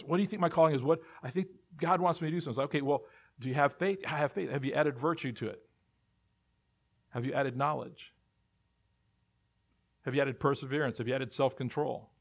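A male pastor preaching a sermon, emphatic and repeating phrases as he builds his points. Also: on the high side.

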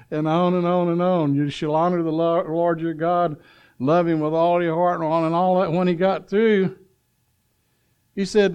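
A man preaching a sermon, swinging between loud urgent calls and hushed storytelling, asking the congregation if they are listening. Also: on the high side, level tone, normal speed, smooth.

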